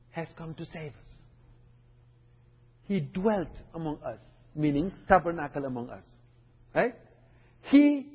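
A man with a high-pitched, breathy-edged voice preaches a sermon in a teaching style, repeating his points and frequently checking in with listeners. The recording sounds dull and echoey, as if made in a hall.

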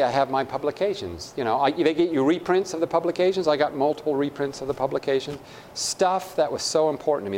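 A man's voice: mid-range voice, slight background noise. Earnest middle-aged man telling a testimony. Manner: earnest, conversational, voices his own inner thoughts aloud. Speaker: speaker sharing a personal testimony. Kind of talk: faith testimony storytelling.

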